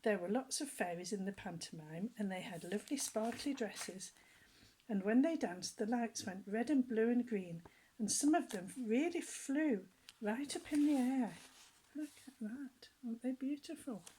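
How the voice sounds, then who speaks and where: A woman reading a children's story aloud with a gentle, animated storytelling manner. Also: fairly high pitch, normal speed, slight background noise.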